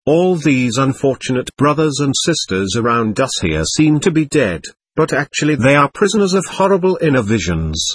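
A man voicing a calm, resolute spiritual instructor giving lessons in an audiobook. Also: medium pitch, slightly rough, no echo. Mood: instructive. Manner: measured, resolute.

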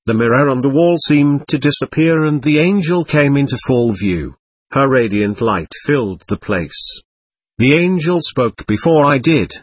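Casting: a male audiobook narrator, husky, lively pitch, earnest memoir reading. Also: dry recording. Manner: earnest, measured storytelling.

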